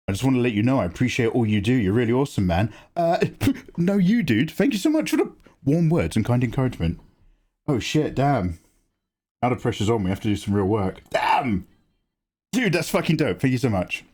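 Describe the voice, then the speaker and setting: A man hosts a drawing livestream, reading out chat and bantering. His pitch swings widely as he jokes, and he swears without a second thought. His voice sits in an ordinary middle register. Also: very animated, moderate pace, a little mellow. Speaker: livestream host. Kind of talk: casual chat while drawing.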